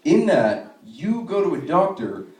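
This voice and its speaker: A young man works a comedy club stage, spinning profane, animated stories with quick asides. His voice sits a bit high and swings widely in pitch. He sounds distant, caught by a far mic in an echoey room. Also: crowd noise. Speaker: stand-up comedian. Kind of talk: stand-up comedy set.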